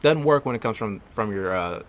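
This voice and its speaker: Lively teasing young man. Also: on the low side, a little fast. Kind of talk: casual chat.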